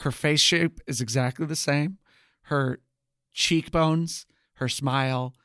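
A man co-hosting a podcast, casually recapping a TV show with wry, sarcastic asides and drawn-out emphasis. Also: on the high side, fairly even intonation, fairly bright tone, smooth, no room sound, studio quality. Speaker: podcast co-host. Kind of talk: casual chat reviewing a TV show.

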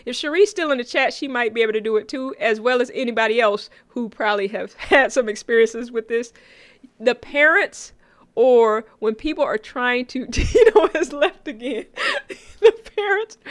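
Chatty lady cohost, kinda high voice, reads the chat, laughs a bunch. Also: fairly bright tone, no echo. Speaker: co-host of a sitcom recap stream. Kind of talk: casual chat. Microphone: own mic.

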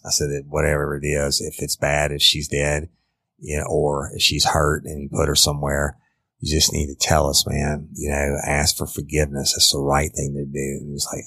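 A man's voice: extremely low pitch, monotone, normal speed, sharp tone, no room sound. A man, a former detective telling a story bluntly, with a lot of profanity. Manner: blunt and profane, matter-of-fact. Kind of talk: storytelling in an interview.

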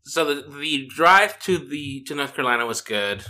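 A man's voice: on the high side, animated, normal speed, bright, forceful tone. A man in casual conversation who asks questions, laughs often and talks in a reflective, chatty way. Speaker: conversation partner asking questions. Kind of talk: casual chat.

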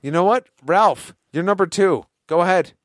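A drunk man hosting a podcast party game, loud and swearing. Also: sits high, moderate pace, dry recording, studio quality. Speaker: podcast host. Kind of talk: drunk casual banter.

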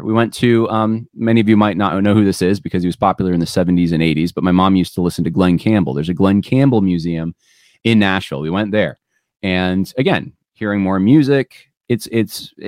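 A man's voice: low voice, a little mellow, no room sound, studio quality. A man hosting a podcast, talking casually to a live audience and thinking aloud with restarts and fillers. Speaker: podcast host.

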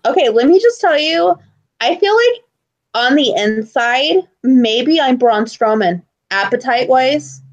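A young woman co-hosting a casual chat, telling stories with lively, acted-out quotes. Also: high voice, measured pace, muffled recording. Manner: animated storyteller who acts out loud quotes. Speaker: podcast co-host.

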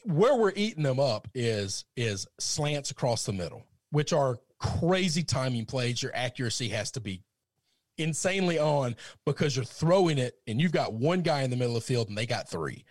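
A man co-hosting a podcast chats casually about football as an animated storyteller who acts out quotes. His voice is mid-range at a moderate pace, captured in a dry, clean studio recording.

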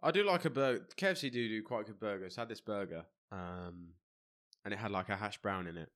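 A man's voice: on the low side, fairly quick, fairly bright tone. A young English man co-hosting a podcast, ranting in blunt, jokey banter. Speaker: podcast co-host. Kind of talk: casual banter.

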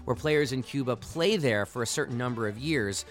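A man's voice: medium pitch, normal speed, faint music behind. A man hosting a sports podcast, delivering impassioned, argumentative solo commentary.

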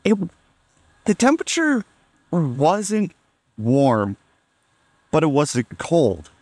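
A man's voice: a little high, wildly swooping pitch, drawn-out words, a little mellow, no echo. A man casually telling a funny story on a podcast, amused and laid-back, acting out what people said.

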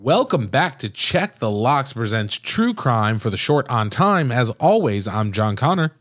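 A man's voice: mid-range voice, big pitch swings, unhurried, a bit bright, soft background music. A man co-hosting a true crime podcast, reading ads and chatting in an upbeat, easygoing way. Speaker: podcast co-host. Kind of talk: casual chat and ad reads.

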